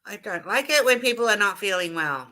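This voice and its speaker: Bright-voiced chatty Australian woman. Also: mid-range voice, animated, a little fast. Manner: chatty, giggly, rambling with self-corrections, reads out viewer comments. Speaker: live stream host. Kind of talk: casual live stream chat.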